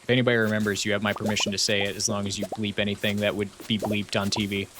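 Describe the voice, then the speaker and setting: A man's voice: lowish voice, flat delivery, racing, noisy background. A man streaming live, bantering with his chat in a playful, mock-serious way.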